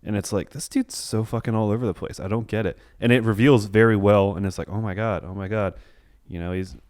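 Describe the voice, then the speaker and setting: A man's voice: fairly low pitch, fairly even intonation, fast, darkish tone, no room sound, studio quality. A man co-hosting a casual film podcast, rambling and hesitant as he works through his thoughts. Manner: rambling, hesitant, lots of fillers and restarts. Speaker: podcast co-host. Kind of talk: casual film review chat.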